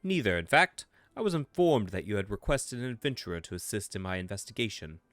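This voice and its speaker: A man's voice: on the low side, big pitch swings, fairly quick, fairly bright tone, no echo. A man doing a proper English gent commander. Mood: formal.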